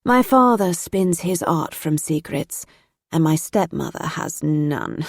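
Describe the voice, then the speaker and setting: A woman reading a sleepy, tipsy young woman who speaks slowly and deliberately. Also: deep voice, animated, gravelly, no echo, studio quality, exaggerated voice. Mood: tipsy sing-song.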